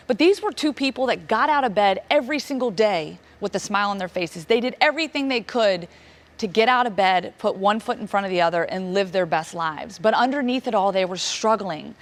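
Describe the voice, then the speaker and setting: Keynote storyteller: woman in her thirties, from Virginia, emotional delivery with dramatic pauses and voice leaping up in moments of shock. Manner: emotional, dramatic pauses, rising pitch when reliving shock. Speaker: keynote speaker. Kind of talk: personal storytelling talk.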